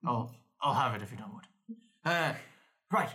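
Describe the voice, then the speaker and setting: A man's voice: mid-range voice, lively intonation, moderate pace, sharp tone. A man playing an overly polite, formal male adventurer who speaks hesitantly and stumbles over his words. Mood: inquiring.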